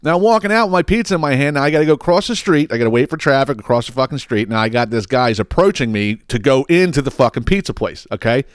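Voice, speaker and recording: A man hosting a podcast, telling a long, profane, animated rant full of restarts. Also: mid-range voice, fast, few pauses, clean tone, no room sound, studio quality. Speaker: podcast host. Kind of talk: ranting storytelling.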